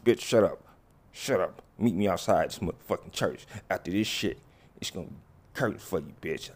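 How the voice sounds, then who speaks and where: Gruff low-voiced hothead, done by a man, menacing and profane. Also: normal speed. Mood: angry. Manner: gruff, cursing, threatening. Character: hot-tempered tough man in church, threatening. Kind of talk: comedy skit voices.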